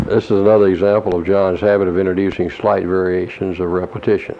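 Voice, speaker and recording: A man preaching an expository Bible lesson, reading verses slowly and explaining Greek words in a measured way. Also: low-pitched, little pitch movement. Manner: slow, measured reading of scripture with Greek word study. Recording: dull lo-fi recording with faint hiss.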